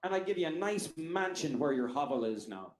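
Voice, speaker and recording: A man's voice: on the high side, sing-song, brisk, reverberant, a little hiss or hum, poor audio. Sly female leprechaun, as a man tells it. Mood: bargaining. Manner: wheeling and dealing.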